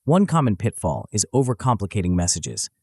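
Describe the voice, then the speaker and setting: A man narrating a self-help audiobook in a measured, instructional way, close to the mic. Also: lowish voice, no echo. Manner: even, measured instructional delivery.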